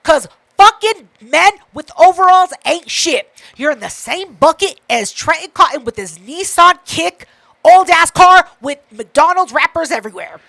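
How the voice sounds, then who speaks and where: A woman co-hosting a podcast, telling a story in casual chat, profane and animated, acting out what others said. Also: extremely high pitch, measured pace, vocal fry. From Mexican heritage. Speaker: podcast co-host.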